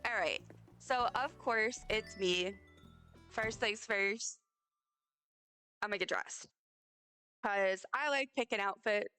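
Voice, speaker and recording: A woman's voice: mid-range voice, slow, bright, forceful tone, faint music behind. A tired woman live-streaming a game, chatting casually and teasing herself as she rambles along. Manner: chatty, self-deprecating, rambling. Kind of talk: casual chat while playing a game.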